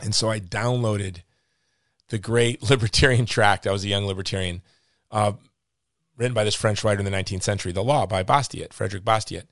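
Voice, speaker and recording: A man's voice: lowish voice, steady tone, a little fast, dry recording, studio quality. A man hosting an interview, chatty and full of joking asides and stories. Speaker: host. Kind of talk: casual interview chat.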